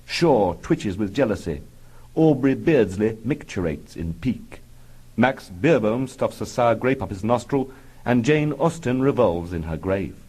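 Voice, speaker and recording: A man reading his own comic book aloud in a dry, deadpan manner. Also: fairly low pitch, slightly rough, rough recording. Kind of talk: audiobook narration.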